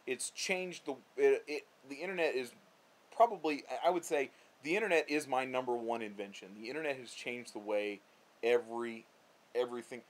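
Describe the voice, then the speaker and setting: A man co-hosting a casual vlog chat, rambling and animated, often restarting his sentences. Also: mid-range voice, fairly quick. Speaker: vlog co-host.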